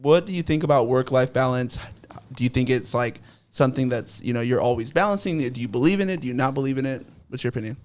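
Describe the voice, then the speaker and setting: A man hosting an interview podcast, asking his guest questions and chiming in eagerly with quick affirmations. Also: medium pitch. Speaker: podcast host. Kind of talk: conversational interview.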